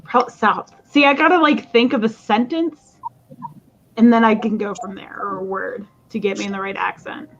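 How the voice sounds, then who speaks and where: A woman's voice: mid-range voice, steady tone, normal speed, gravelly, a bit bright, dull audio, a little hiss or hum. A woman hosting a live stream auction of stones, chatting casually and laughing often. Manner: chatty, laughs often, jokes about accents.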